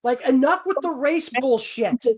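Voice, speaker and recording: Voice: high voice, expressive, normal speed. A voice actor on a livestream Q&A, ranting heatedly with lots of swearing and repeated words. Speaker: voice actor on a fan channel. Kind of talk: livestream Q&A rant.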